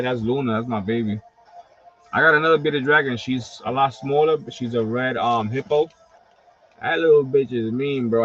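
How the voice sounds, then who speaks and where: A man hosts a casual livestream and tells animated stories full of fillers and swearing. His voice sits at a middle pitch. The stream audio is a little muffled and lo-fi. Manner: animated, profane storytelling with lots of fillers. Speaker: host of a wrestling collectibles livestream. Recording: slightly dull lo-fi stream audio.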